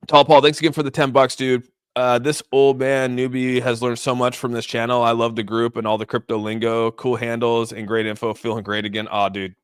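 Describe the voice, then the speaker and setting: Smooth-voiced man, dry close sound. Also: mid-range voice, level tone, a little fast, hardly any pauses, dry recording. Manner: loose and chatty, many restarts, reads donor messages. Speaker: crypto streamer. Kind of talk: casual livestream chart commentary.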